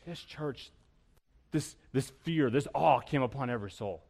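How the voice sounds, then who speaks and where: A man preaching a sermon as pastor, animated and storytelling, with humor and rhetorical questions. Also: medium pitch, unhurried, creaky. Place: church sanctuary. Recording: long reverb of a church hall.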